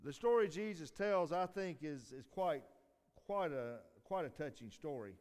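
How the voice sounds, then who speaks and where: A man preaching a sermon who repeats and restarts his phrases, rises to emphatic peaks, then trails off low. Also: animated, unhurried, a little mellow. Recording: long hall reverb.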